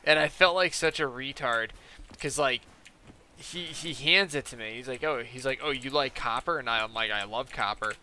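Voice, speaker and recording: A man's voice: medium pitch, normal speed, sharp tone, a little hiss or hum. Rambling young man streaming a game. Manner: rambling storytelling with many fillers and quoted back-and-forth. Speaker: gaming streamer. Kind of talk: casual live-stream chat while playing.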